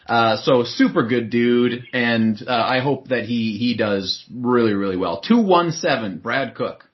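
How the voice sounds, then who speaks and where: A man's voice: medium pitch, unhurried. A man co-hosting a casual chat show, earnest and full of praise. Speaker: co-host. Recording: muffled lo-fi audio.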